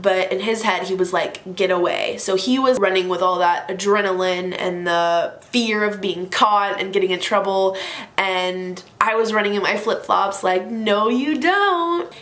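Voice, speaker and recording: A young woman casually telling a story to camera, chatty and animated, leaning on "like" a lot. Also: medium pitch. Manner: animated, chatty, heavy use of "like". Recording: echoey room.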